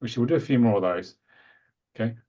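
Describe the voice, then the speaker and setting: A man guiding a breathing meditation over a video call, calm and instructive with some restarts. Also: mid-range voice, rapid-fire. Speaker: meditation teacher. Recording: dull lo-fi webinar audio.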